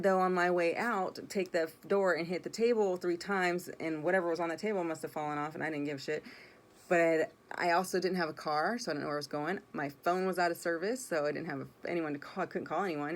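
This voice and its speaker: Blunt, low-voiced woman telling a story. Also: a little fast. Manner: blunt, swears freely; rambling, self-correcting delivery. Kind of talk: casual personal storytelling.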